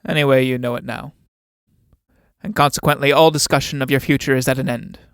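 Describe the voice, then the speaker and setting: A man's voice: mid-range voice, fairly even intonation, brisk, clear, resonant tone, no room sound, studio quality, close to an everyday voice. A man playing a domineering middle-aged army captain with a patronizing, overbearing manner.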